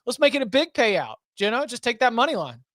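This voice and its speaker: A man giving college football betting opinions, animated and often restarting his sentences. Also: very high-pitched, a little fast, no echo. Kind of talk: casual sports betting chat.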